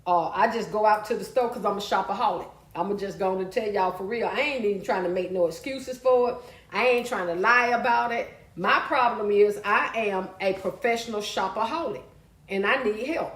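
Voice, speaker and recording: A woman hosting a casual live stream, chatty and loud, calling out to viewers and reading their comments. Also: medium pitch, a little fast, echoey room.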